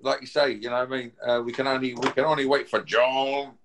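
Talking fast in a level, medium-pitched voice against a noisy background, an Essex boxer with a local accent guests on a call, taunting and swearing brashly in casual call-out chat.

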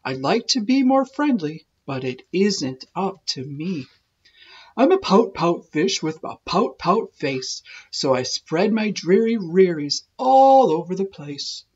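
A mopey, resigned male fish from a children's storybook, as a woman reads him aloud. He drags through his sing-song rhymes slowly, his husky voice drooping at the end of each line. The recording is dull and lo-fi. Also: fairly low pitch, very animated, a little mellow, exaggerated voice. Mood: glum.

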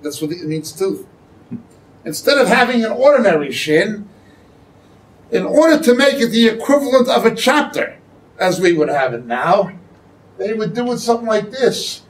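A man giving sermon-style Bible teaching, explaining slowly and often checking with "okay?". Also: high-pitched, animated, far from the mic, low-quality recording. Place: church hall.

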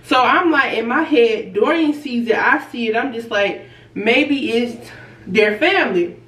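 A woman vlogger casually telling a story, animated, laughing and acting out the people she quotes. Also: on the high side, measured pace. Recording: roomy and a bit distant from the mic.

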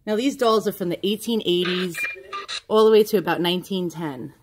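A woman casually talking through a ghost hunting session at home, asking slow questions aloud with pauses in between. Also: fairly low pitch, noisy background. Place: indoors at home with a dog nearby.

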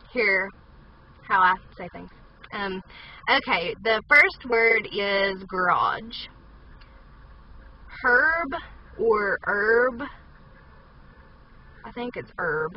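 A young woman vlogger from southern West Virginia, with a strong local accent, chats casually in a parked car and reads a word list, sounding unsure and hedging with many ums. Her voice is mid-range, the highs are cut off, and there's a little hiss or hum.

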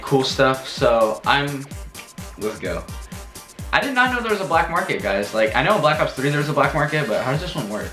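A man giving casual gaming commentary, excitable and rambling, yelping and shouting when scared, recorded in a room at home. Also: medium pitch, roomy sound. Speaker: gaming vlogger.

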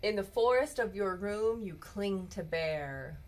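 Slow, expressive woman reading a bedtime story. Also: medium pitch, a little hiss or hum. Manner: slow, gentle, expressive read-aloud voice. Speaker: children's story reader. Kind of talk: storybook read-aloud.

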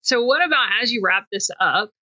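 A woman's voice: on the high side, lively intonation, brisk, pushed and bright, husky, no echo, lo-fi sound. A woman interviewing a podcast host, asking curious questions and chiming in with short encouragements. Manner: curious, supportive, brief backchannels. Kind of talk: casual conversational interview.

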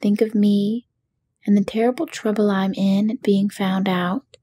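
Whispered role-play: woman doing a trembling old fake wizard, slow and breathy, low-key storybook voice. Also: fairly even intonation, warm tone. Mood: meek. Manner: trembling, meek and pleading. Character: timid little old man posing as wizard.

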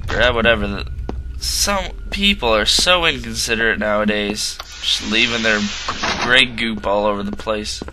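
A man's voice: lowish voice, moderate pace, noisy background. A man hosting a gaming channel, giving casual commentary on a horror game in a rambling way and getting easily startled. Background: game music.

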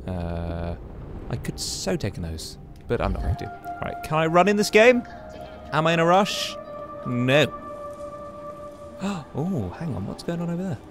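A man talking his way through a video game with chatty, musing commentary. His pitch rises and falls a great deal, and he keeps breaking into exclamations. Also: sing-song, a little slow, music in the background. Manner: chatty, exclaims and muses aloud while playing. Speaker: gaming YouTuber. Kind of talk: casual gameplay commentary.

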